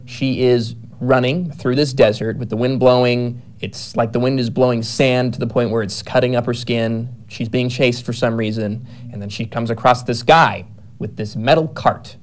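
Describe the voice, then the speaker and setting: A man's voice: medium pitch, fairly even intonation, moderate pace. A man in casual conversation, describing the plot of his novel in a rambling way, with many fillers and self-corrections. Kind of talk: casual chat.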